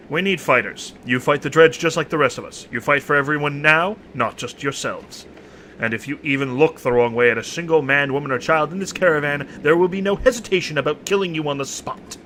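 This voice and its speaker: A man's voice: fairly high pitch, brisk, slight background noise. A man reading game dialogue aloud in a casual playthrough, reacting with laughs and groans. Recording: soft game music behind.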